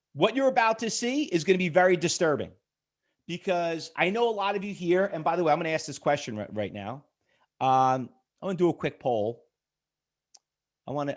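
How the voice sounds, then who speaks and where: A middle-aged man runs a live trading webinar in a slightly high voice. He pushes hard with rhetorical questions, calls on viewers by name and keeps pressing for a yes. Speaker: trading instructor. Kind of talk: live webinar sales pitch.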